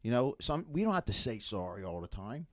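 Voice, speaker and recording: A middle-aged man in casual podcast chat, an animated storyteller who acts out what others said. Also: mid-range voice, brisk, no room sound. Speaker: band member, father of bandmates.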